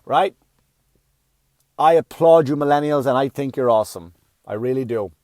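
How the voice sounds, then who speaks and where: A male comedian hosting his own podcast, ranting loudly and profanely in a comic monologue. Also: mid-range voice, normal speed, dry recording, studio quality. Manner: loud, yelling, profane.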